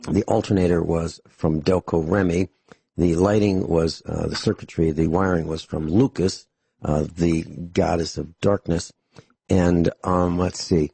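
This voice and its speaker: A radio talk show host with a low, gravelly voice that has a husky, slightly rough edge. He spins long, meandering anecdotes with a dry sense of humor, speaking close into a studio microphone in a dead, dry room. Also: warm tone, no room sound.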